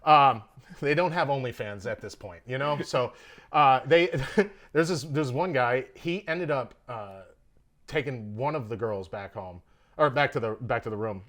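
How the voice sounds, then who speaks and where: A man telling a story in a casual podcast chat, animated and heavy on profanity. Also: mid-range voice, measured pace. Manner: profane, animated storyteller who puts on a Russian accent in quotes. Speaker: guest comedian. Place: podcast studio in Austin, Texas.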